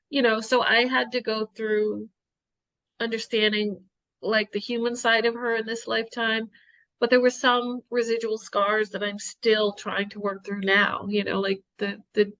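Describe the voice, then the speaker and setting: A woman's voice: medium pitch, fairly bright tone, dull audio. A woman hosting, speaking reflectively and emotionally in casual conversation. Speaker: channel host. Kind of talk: casual chat.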